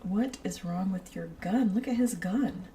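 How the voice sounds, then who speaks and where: A woman's voice: mid-range voice, unhurried, dark tone, distant mic, slight background noise. A woman streaming a building game, rambling and giggling as she chats with her viewers. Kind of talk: casual chat while playing a building game.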